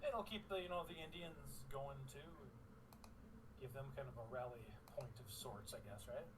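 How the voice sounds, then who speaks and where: Sports podcast cohost dude, chatty, keeps asking questions, noisy recording. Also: male voice, mid-range voice, moderate pace. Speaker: podcast co-host. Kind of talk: casual sports chat.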